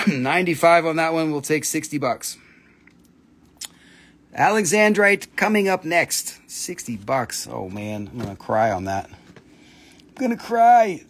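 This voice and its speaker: A man hosting a live gemstone sale stream, calling out prices in blunt, casual patter and swearing freely. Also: medium pitch.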